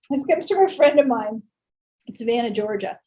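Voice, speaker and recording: Woman instructor, casual lecture, rather high voice, mellow, chatty with fillers. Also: animated, moderate pace, rough recording. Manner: chatty, many fillers and restarts, rhetorical questions. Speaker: real estate instructor.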